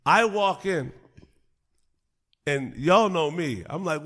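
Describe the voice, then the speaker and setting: A man in his twenties, a podcast host telling a story in a casual, animated way, swearing freely and laughing often. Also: fairly high pitch, slow pace, pauses often.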